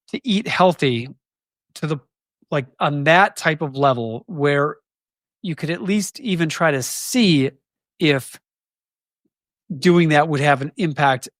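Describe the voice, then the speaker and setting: A man in his forties speaking candidly as an interview guest, reflective and halting, often restarting sentences. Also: on the high side, a bit bright, dry recording, clean studio sound. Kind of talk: candid conversation.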